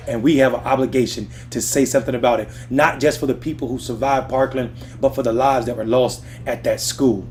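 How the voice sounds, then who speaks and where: Man, livestream host, angry profane rant, mid-pitched voice, faint music behind. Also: a little mellow. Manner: profane, fired-up, talks to the chat. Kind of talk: heated live political rant. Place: lounge in Washington with TVs on. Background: music and TVs in the background.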